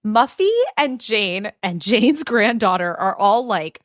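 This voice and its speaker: A woman podcast host telling a story in a casual chat, animated and full of "like" fillers. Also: mid-range voice, takes it slowly, dry recording, clean studio sound. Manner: animated retelling with many "like" fillers.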